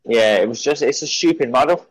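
A man's voice: medium pitch, fairly quick, breathy edge, dry recording. Brummie guy on a podcast, blunt and teasing, dead dry mic sound. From England, Birmingham. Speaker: podcast co-host. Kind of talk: casual chat.

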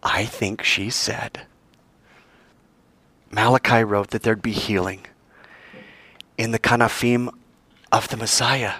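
A male preacher delivering a dramatic sermon, acting out the voices of the story and climbing high in pitch to stress his points. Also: fairly even intonation, slow, long pauses, pushed and bright, breathy edge, no room sound. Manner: dramatic, acts out voices and soars in pitch for emphasis.

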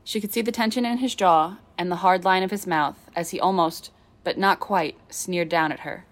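A woman reading a novel aloud in steady storytelling narration. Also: lowish voice, normal speed. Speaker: audiobook reader. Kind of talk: scripted narration of a fan novel.

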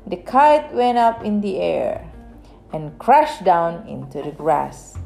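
A woman reading an English picture book aloud to children, expressive and animated. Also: on the low side, takes it slowly, creaky, soft background music. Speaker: storyteller for children.

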